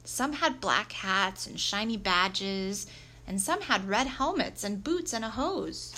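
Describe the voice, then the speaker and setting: Woman reading a kids chapter book, bright lively voice, little bit of room hum. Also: medium pitch, slow. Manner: lively, expressive storytelling. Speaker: audiobook reader. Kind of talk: scripted narration of a children's book.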